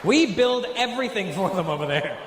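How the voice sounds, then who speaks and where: Teasing stand-up comic in echoey theater. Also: male voice, high voice, expressive, fairly quick. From Canada. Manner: loud, teasing, punchy delivery with comic voices. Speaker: stand-up comedian. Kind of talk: stand-up crowd work. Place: large theater stage. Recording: echoey live venue with loud crowd noise.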